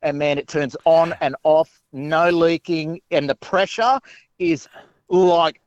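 Lo-fi audio without echo captures a slow, slightly high male voice. He's an Australian customer giving a testimonial with real enthusiasm, dropping "mate" constantly.

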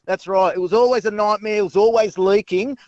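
A man's voice: high voice, fairly even intonation, fairly quick, darkish tone, no echo, muffled recording. An enthusiastic Australian man giving a customer testimonial, saying mate in nearly every sentence. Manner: enthusiastic, says mate constantly.

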